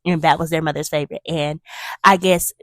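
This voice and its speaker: A woman hosting a casual movie review, chatty and animated as she retells scenes with emphatic asides. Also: sits low, a little fast, no echo, clean studio sound.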